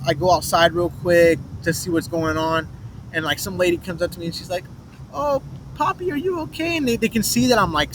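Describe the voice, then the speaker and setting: Outside on a loud street with traffic in the background, a young guy with a kinda high voice rambles through a first-person story for his vlog. He keeps restarting, swears, and puts on other people's voices for quotes.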